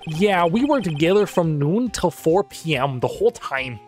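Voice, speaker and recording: A man putting on a nerdy male TV director from a video game, with a shaky mock Scandinavian accent that keeps slipping toward Scottish. He brags in a quick, offhand way, and the pitch swings around a lot. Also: very animated, soft background music. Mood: casual. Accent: mock Scandinavian drifting to Scottish.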